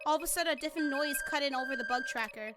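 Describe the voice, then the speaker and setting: A young woman with a high, bright voice reads a visual novel aloud on her stream, animated and excitable. She chats loosely with viewers and swears now and then. Game music runs underneath. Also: very fast. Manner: animated, excitable, breaks into sudden shrieks and laughter.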